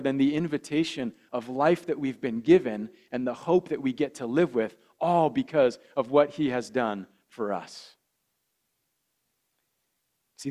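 A man, a pastor preaching a sermon with earnest repetition that swells louder on key phrases. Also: medium pitch. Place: church.

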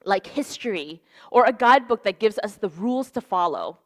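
A young woman preaching a sermon in an earnest, conversational way, with lots of "like" and "right?". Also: mid-range voice. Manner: casual, earnest, fillers like "like" and "right?".

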